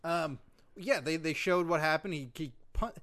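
A woman's voice: low-pitched, normal speed, fairly bright tone. A woman co-hosting a comedy podcast, chatting casually in a dry, teasing way. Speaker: podcast co-host.

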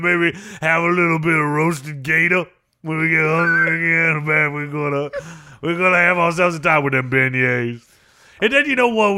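A man playing a brash, loud Cajun football coach with a put-on Southern accent who blusters and drawls. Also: a little high. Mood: rowdy. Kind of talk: comedic sketch interview.

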